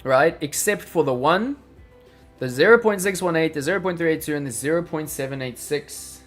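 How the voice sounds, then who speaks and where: A man's voice: fairly high pitch, moderate pace, a bit bright, faint music behind. A man hosting a live crypto trading stream, talking energetically through charts and answering viewers in chat. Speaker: crypto livestream host.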